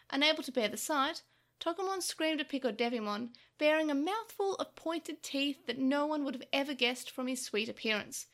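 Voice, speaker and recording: A woman reading a story aloud in an expressive way, with small slips. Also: high-pitched, moderate pace.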